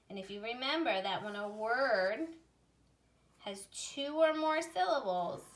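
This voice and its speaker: Slow, clear woman teaching phonics. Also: mid-range voice, a bit bright. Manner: slow, clear sounding-out of words. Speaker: reading teacher. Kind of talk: phonics lesson for young readers. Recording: voice a little far from the mic.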